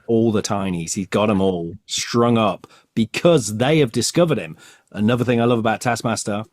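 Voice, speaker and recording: A man co-hosts a casual podcast, retelling comic plots with relish and slipping into the characters' lines. His voice sits on the low side. The sound is dry and close. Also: moderate pace, dry recording. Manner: enthusiastic, storytelling, acts out quotes. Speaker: podcast co-host. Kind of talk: casual comic-book chat.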